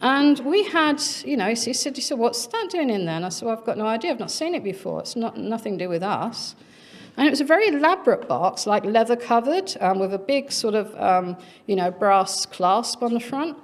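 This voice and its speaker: A woman's voice: on the high side, animated, fairly quick. A middle-aged woman speaking at a conference, telling a personal anecdote in a chatty way with many fillers and acted-out quotes. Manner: chatty, frequent fillers, acts out quoted voices.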